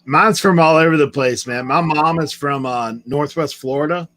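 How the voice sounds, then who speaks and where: A man's voice: on the high side, moderate pace, a bit bright. A man from the Outer Banks with a mixed Southern and Outer Banks accent, rambling through stories in a casual live-stream chat. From Outer Banks, North Carolina. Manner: rambling, storytelling, laughs easily.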